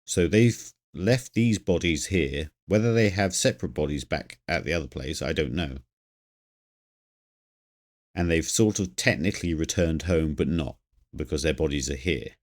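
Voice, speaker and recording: Very deep-voiced man streaming a game. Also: moderate pace. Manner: thinking aloud, rambling, self-correcting; reads chat aloud. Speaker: gaming streamer. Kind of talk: live game commentary.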